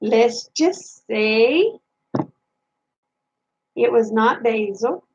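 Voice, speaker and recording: High husky-voiced woman telling stories. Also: lively intonation, drawn-out words, highs cut off. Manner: folksy, chatty, laughs at her own stories. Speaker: vlogger. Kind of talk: casual storytelling.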